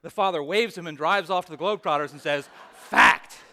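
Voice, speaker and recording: A man's voice: on the high side, fast talker, a bit bright, a little hiss or hum. A man preaching a sermon as pastor, reading scripture, praying and telling stories in an earnest, emphatic way.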